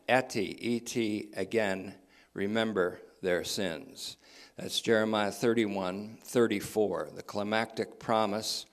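A man teaching a Bible passage verse by verse, deliberate and emphatic, often repeating key phrases. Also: lowish voice.

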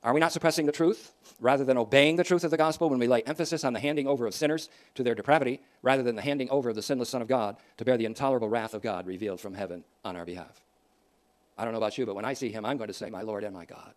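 A man preaching a sermon, swinging from loud emphatic declarations to soft, quiet asides. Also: mid-range voice, very fast. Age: older.

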